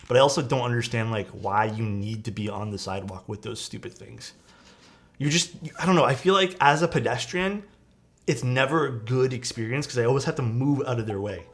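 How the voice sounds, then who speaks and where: A young man streaming from home, telling stories in a casual, laid-back way and swearing often. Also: mid-range voice.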